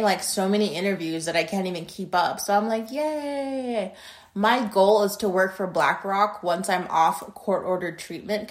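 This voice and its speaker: A young adult woman hosting a podcast, telling a rambling story in a casual, profane and blunt way. Her loudness swings between emphatic bursts and muttered asides. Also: medium pitch. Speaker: podcast host.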